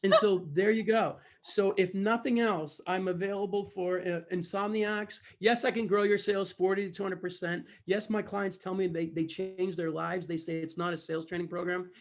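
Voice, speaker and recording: A man's voice: high-pitched, fairly even intonation, normal speed, hardly any pauses. A man speaking as a guest sales trainer on a video call, telling a humorous story in a playful, self-mocking way.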